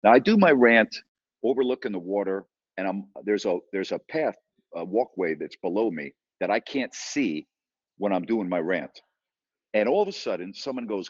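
Sports radio guy ranting, kinda low voice, dry dull lo-fi sound. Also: animated, moderate pace, no room sound. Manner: exasperated, emphatic, ranting. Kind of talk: sports talk radio rant.

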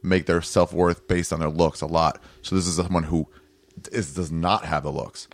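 A comedian guest in casual conversation, stating blunt, matter-of-fact opinions. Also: male voice, low voice, level tone, normal speed, no echo. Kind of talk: casual chat.

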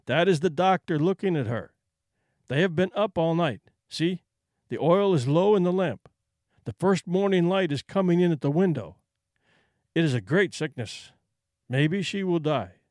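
A man's voice: on the high side, animated, moderate pace, darkish tone, no room sound, lightly acted. A man voicing a grave, plain-spoken male wilderness guide who talks in terse, simple, broken phrases, in a dry recording. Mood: grave puzzlement.

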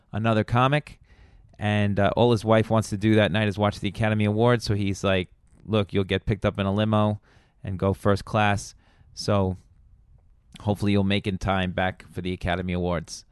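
A man from the United States co-hosts a podcast, talking casually and summarizing a story in a recapped aside. His voice is fairly low and smooth, recorded close and dry. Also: dry recording. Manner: conversational, narrates a recap aside. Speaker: podcast co-host. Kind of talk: casual chat and recorded voice-over.

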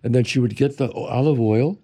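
A man's voice: medium pitch, fairly quick. An older man from New York, a guest telling family stories in an interview and acting out his relatives' voices. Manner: animated, acts out relatives' voices. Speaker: guest, actor and writer. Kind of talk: storytelling interview.

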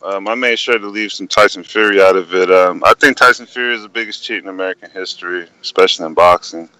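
A man calling in to give his opinion, halting and full of fillers. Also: low-pitched, bright, forceful tone, clean tone, no room sound, rough recording. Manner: hesitant with many fillers. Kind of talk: casual call-in opinion.

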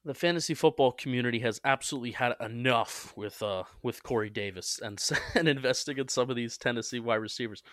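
A young man co-hosting a sports podcast, talking casually with quick restarts and self-mocking asides. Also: mid-range voice, fairly bright tone, dry recording, studio quality. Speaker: podcast co-host.

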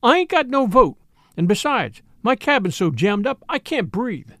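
A man's voice: very high voice, big pitch swings, normal speed, a bit bright, no room sound, clean studio sound, voice pushed up, exaggerated voice. A man voicing a defiant frontier wife. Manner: defiant, curt.

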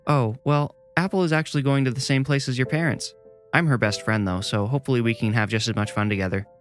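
A man's voice: mid-range voice, fairly even intonation, fast talker, faint music behind, natural voice. A man voicing a nervous, polite teenage girl babysitter who stammers and hesitates. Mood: friendly. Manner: flustered, hesitant.

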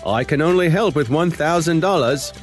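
A guy doing a pushy scam artist, fake aussie accent laid on thick, pitched up way above his normal voice, faint music underneath. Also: close to an everyday voice. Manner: deliberately bad Australian accent. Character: fast-talking grant scammer man, pushy.

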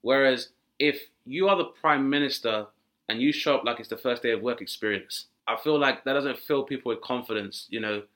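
A man tells comic stories with lots of swearing. His bright, tense voice leaps around as he slips into other characters. The delivery is loud and animated. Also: a little fast. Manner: acts out characters with big pitch jumps and swearing. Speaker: comedian guest.

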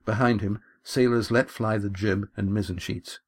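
A man reading his own adventure novel aloud in a measured, steady storytelling manner. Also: on the low side. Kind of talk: audiobook narration.

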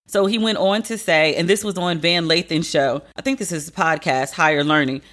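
Swooping, outspoken woman podcast host. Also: moderate pace. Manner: candid, profane and animated, with swooping pitch for emphasis. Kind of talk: casual commentary monologue.

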